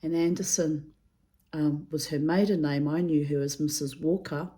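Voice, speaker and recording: Low, steady and warm, at a moderate pace, a woman's voice carries her daily readings in a digressive, casual monologue full of free swearing and frequent laughter.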